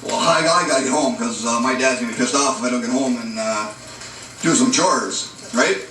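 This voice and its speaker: An anxious young guy trips over his words in a flustered rush, as a man telling a joke plays him. The voice drops a little below the teller's usual pitch and stays bright. It sounds distant and roomy, with faint noise behind. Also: brisk, natural voice. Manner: flustered, stammering. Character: anxious, foul-mouthed young male student. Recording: echoey room from far off.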